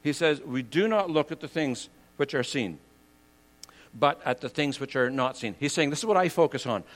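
An older man preaching a sermon, earnest and conversational, swinging from loud emphatic lines to quiet asides. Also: on the high side, expressive, moderate pace.

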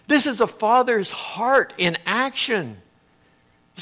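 A middle-aged man preaching a sermon, telling a Bible story with animated delivery and big swings between loud and quiet. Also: very high-pitched, slow pace. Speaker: pastor.

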